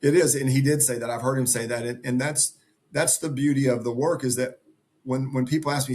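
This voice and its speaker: A man's voice: medium pitch, fairly even intonation, fairly quick, a little mellow. A middle-aged man speaking as a podcast guest, earnest and emphatic in a motivational way. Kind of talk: conversational interview.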